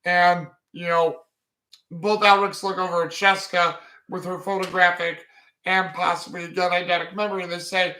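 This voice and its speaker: A man's voice: sits high, level tone, moderate pace, pushed and bright, reverberant. A man casually recapping an anime episode in a rambling way, with many fillers.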